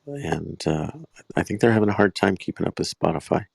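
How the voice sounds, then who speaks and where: A man joining a live show as a guest, talking hesitantly with lots of pauses and fillers. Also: deep voice, gravelly, a little mellow, husky, no room sound. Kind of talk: casual chat.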